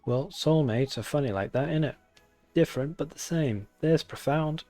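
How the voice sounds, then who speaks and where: A man's voice: on the high side, normal speed, warm tone, no echo, soft background music, natural voice. A man voicing a chatty fairy sidekick in a put-on regional accent with chirpy slang. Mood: cheeky.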